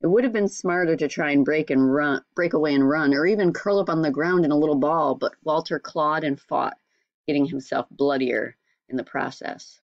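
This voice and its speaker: Low-voiced woman reading a story. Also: normal speed, no echo, dull audio. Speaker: audiobook reader. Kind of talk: storybook narration.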